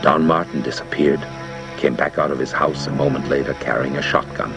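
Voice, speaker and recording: A man giving dramatic, expressive audiobook narration. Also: extremely low pitch, brisk, creaky, music in the background. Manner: theatrical, expressive.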